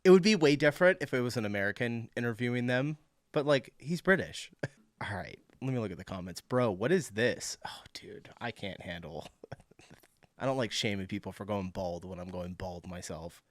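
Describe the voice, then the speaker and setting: A man hosting a reaction video, chatting casually in an amused tone with quick asides. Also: fairly low pitch, lively intonation, no room sound, studio quality.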